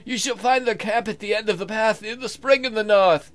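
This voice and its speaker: A man voicing a hoarse, slow-speaking male Unseelie spirit in a long cloak, reading game text with theatrical proclamations. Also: high-pitched, fairly bright tone, pitched above the performer's own voice. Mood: bargaining.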